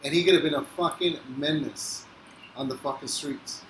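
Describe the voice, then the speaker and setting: A man's voice: on the high side, moderate pace, a bit bright. A man co-hosting a podcast, cursing and speaking with emphatic support. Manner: profane, emphatic, affirming. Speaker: podcast co-host. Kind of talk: casual chat. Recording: echoey room, faint noise.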